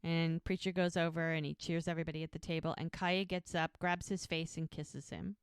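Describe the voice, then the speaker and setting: Woman podcast host, lowish voice, chatty recapper who acts out dialogue. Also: brisk, clear, resonant tone, no room sound, studio quality. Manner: lively storyteller who voices quoted lines. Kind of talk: casual chat, retelling scenes.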